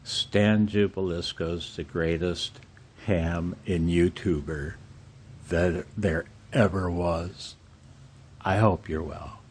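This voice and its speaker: An older man talks slowly in a very deep, low voice. He is candid and emotional, halting often and laughing ruefully as he speaks to his viewers. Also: steady tone, breathy edge. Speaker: amateur radio vlogger. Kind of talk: candid personal vlog.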